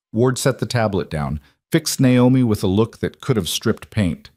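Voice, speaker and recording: Low-voiced male audiobook narrator, dry sound. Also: lively intonation, moderate pace, few pauses, mellow, no echo. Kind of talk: scripted narration.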